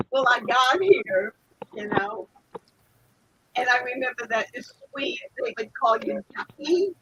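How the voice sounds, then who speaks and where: A woman's voice: fairly high pitch, big pitch swings, slow pace, pauses often, a bit bright, a little hiss or hum, low-quality recording. An older woman telling a story in a casual chat, laughing often and acting out other people's lines, heard over a video call. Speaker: guest.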